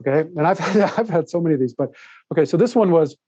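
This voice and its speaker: Man, podcast guest, rambling storyteller, mellow tone, muffled dry sound. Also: a little high, fast talker, no room sound. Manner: rambling, animated, laughs often, restarts sentences. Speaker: podcast guest, author and speaker. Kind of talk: casual interview storytelling.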